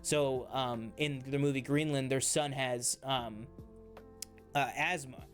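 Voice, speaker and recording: A man's voice: mid-range voice, steady tone, takes it slowly. Chatty man with faint music behind. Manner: enthusiastic, rambling with many fillers and restarts. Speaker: co-host of a TV review show. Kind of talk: casual review chat.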